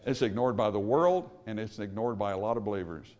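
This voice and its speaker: A man preaching a sermon to a congregation, swinging from hushed, low passages to loud, emphatic ones and asking rhetorical questions. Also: brisk, lo-fi sound.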